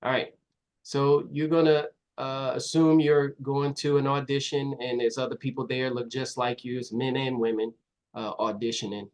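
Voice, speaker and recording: A man who is a talent manager, giving feedback and instructions in a relaxed way, with lots of fillers. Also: medium pitch, moderate pace. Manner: relaxed, uses fillers like "you know".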